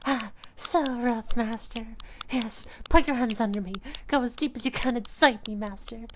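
A young woman voicing a submissive, adoring catgirl pet in an intimate audio role-play, breathy and pleading. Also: fairly high pitch, moderate pace, background noise, natural voice. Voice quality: breathy, sighing. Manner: pleading, devoted.

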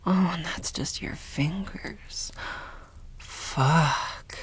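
A woman in a whispered role-play, speaking in a slow, breathy, teasing and commanding way. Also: low voice, slight background noise. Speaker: audio role-play performer.

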